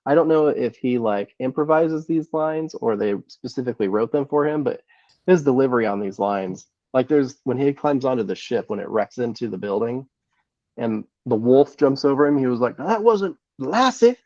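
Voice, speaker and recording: Male co-host, dark mellow voice, easygoing and keen, recorded dry on a dull lo-fi mic. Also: medium pitch, normal speed, no echo. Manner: laid-back, enthusiastic, says "dude" and "man". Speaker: podcast co-host. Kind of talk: casual movie-review chat.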